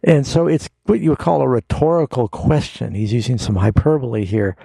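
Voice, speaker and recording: A male pastor on a call-in radio show, walking listeners through scripture at an unhurried teaching pace. His voice is gravelly and husky, and it is heard dry and close. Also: mid-range voice, expressive, dark tone, no room sound. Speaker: pastor answering Bible questions.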